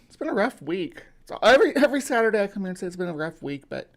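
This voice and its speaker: Casual male livestream host from the US, a touch higher-pitched than most men, meandering and halting, full of ums and restarts. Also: big pitch swings, fairly bright tone. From United States. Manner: rambling, halting, many fillers and restarts; greets viewers by name.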